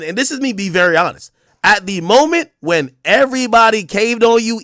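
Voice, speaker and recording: A man's voice: sits high, a bit bright, no room sound, clean studio sound. A man from Jamaica with a Jamaican accent, ranting bluntly in a casual livestream and repeating words as he gets going. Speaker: streamer and media personality.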